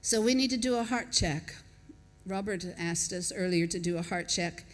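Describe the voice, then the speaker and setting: Her voice lowish and her speed normal, a non-Australian woman living in Australia gives a relaxed sermon to her congregation. She reflects as she goes, thinking out loud, questioning the listeners, and chuckling between ideas.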